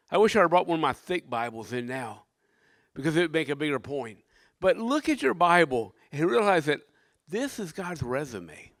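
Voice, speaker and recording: An older man, a pastor, delivering a sermon with dynamic preaching that swings from loud emphasis to hushed tones. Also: sits high, no echo.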